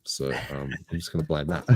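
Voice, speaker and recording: Deep-voiced Australian man, jokey and rambling. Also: moderate pace, darkish tone, husky. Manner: jokey, rambling, self-mocking. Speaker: podcast co-host. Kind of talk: casual banter.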